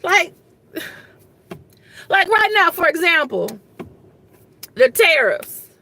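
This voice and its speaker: A woman's voice: very high-pitched, very animated, slow, bright, forceful tone. A woman who teaches history and government, giving casual political commentary straight to her viewers in a rambling, exasperated way, saying "y'all" often. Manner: colloquial, says "y'all".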